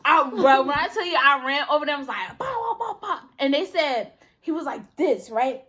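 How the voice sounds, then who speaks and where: A young woman casually telling a story about a school fight, lively and full of laughter. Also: high voice, moderate pace.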